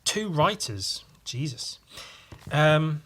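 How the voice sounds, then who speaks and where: Drawing on stream as he hosts his podcast, a man rambles casually, swears without hesitation, and laughs at his own stories. His voice is a little high, sing-song and a bit bright, and very slow, with slight background noise.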